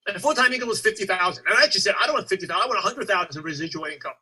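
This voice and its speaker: A man giving a motivational coaching talk to a sales team, telling stories and acting out his past self with animated energy. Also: sits high, rapid-fire, slightly rough, poor audio. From United States. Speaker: network marketing coach.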